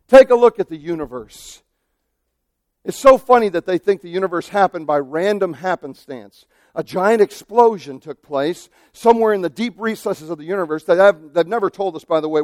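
A male pastor preaching a sermon, animated, acting out quoted voices and swinging from loud to hushed. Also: high-pitched, dry recording, studio quality.

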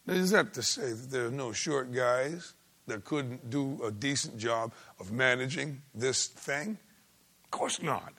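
A man preaching a sermon in a folksy way, swinging between loud exclaiming and hushed asides. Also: mid-range voice, measured pace. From United States.

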